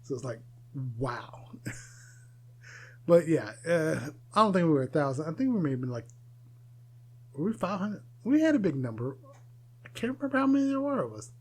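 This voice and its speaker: A man's voice: a little high, very animated, brisk, pauses often, a little mellow. A man hosting a solo podcast, talking casually in an opinionated, rambling way and laughing often. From United States. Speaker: podcast host.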